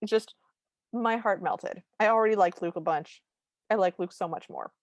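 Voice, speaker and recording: A woman co-hosting a podcast, recapping a movie in casual, animated chat and slipping into characters' lines as she goes. Her voice sits at a middle pitch and the recording is dry and close, with no room sound. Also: moderate pace, no echo. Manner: animated retelling, briefly acting out characters' lines. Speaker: podcast co-host.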